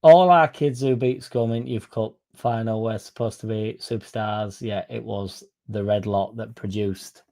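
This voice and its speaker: Casting: male fan-channel host, gravelly, rambling, sweary live-chat delivery. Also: on the low side, steady tone, measured pace, few pauses, mellow. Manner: rambling, self-interrupting, sweary. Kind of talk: casual live-stream chat reading comments.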